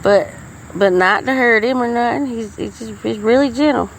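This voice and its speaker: A woman's voice: fairly high pitch, moderate pace, slight background noise, low-quality recording. A middle-aged woman telling folksy, rambling stories as a podcast host. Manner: rambling, folksy, with frequent restarts. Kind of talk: casual storytelling monologue.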